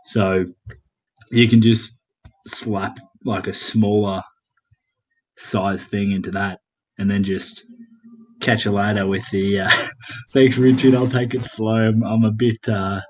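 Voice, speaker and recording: This is a man from Portugal, heard over a voice call as a guest on a gaming stream. His voice sits a little low, and his speech is loose and rambling, full of slang, fillers and the occasional swear. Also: flat delivery, slow, long pauses, darkish tone, rough recording. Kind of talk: casual voice chat.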